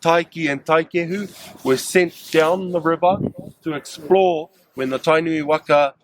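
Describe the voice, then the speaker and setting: A man's voice: fairly high pitch, unhurried, slight background noise. New Zealand man guiding a group outdoors. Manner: engaging, asks the group questions. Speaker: cultural guide leading staff. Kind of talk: outdoor cultural site talk to a group.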